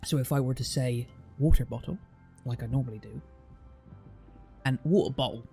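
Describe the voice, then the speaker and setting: Gravelly British man chatting. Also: medium pitch, fairly quick, warm tone, faint music behind. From Britain. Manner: chatty, restarts a lot, explains at length. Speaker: streamer. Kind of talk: casual chat reading viewer comments.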